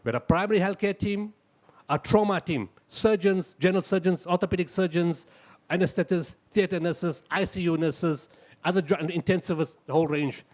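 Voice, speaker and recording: A man's voice: sits high, normal speed, a little mellow. Emphatic man telling stories. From South Africa. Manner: dramatic storyteller, acts out dialogue, emphatic lists. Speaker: humanitarian speaker. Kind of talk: live storytelling talk.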